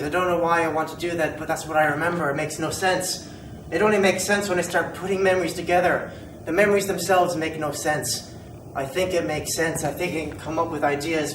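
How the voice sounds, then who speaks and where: A lost, memoryless techno-human man, acted by a man keeps circling the same questions, puzzled and searching. His voice sits fairly high and sounds far from the mic in a roomy space. The recording carries a steady hiss of background noise. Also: close to an everyday voice. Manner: bewildered, questioning himself aloud. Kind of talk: amateur audio drama.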